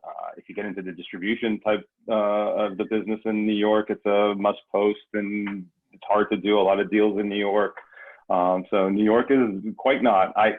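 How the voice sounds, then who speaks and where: A man's voice: lowish voice, little pitch movement, normal speed. A man from California talking as a guest in a casual conversation, rambling with many restarts. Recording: tinny phone line.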